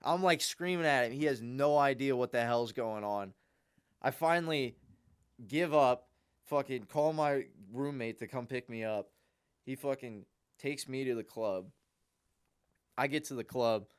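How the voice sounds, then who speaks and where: A young man, a podcast co-host, telling a long, rambling story in a casual, animated way. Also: mid-range voice, unhurried, long pauses, smooth, no echo, studio quality.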